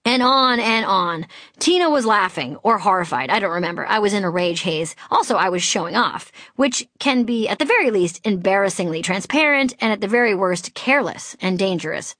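A woman's voice: medium pitch, very animated, brisk, few pauses, a bit bright, dry recording, studio quality. Wry woman reading her memoir. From Boston. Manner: wry, candid, comic timing. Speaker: author narrating her memoir.

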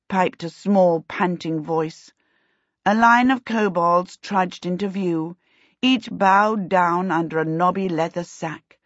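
A woman with a low, husky voice narrates a fantasy novel in a measured, even way from a script. The lo-fi audiobook recording is dry and a little dull, with no room sound.

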